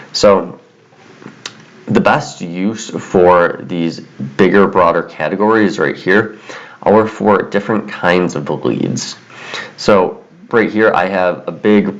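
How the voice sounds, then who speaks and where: Casting: a deep-voiced man walking viewers through software, casual and explanatory, slightly dull recording. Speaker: software tutorial presenter. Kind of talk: screen-recorded software walkthrough.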